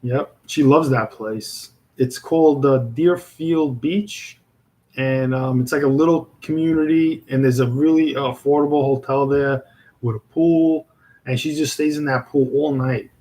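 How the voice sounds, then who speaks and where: A man's voice: medium pitch, a little slow, dark tone, rough recording. A man with a Brooklyn accent chatting casually and rambling with viewers on a livestream, full of fillers and restarts. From New York. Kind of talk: casual live chat.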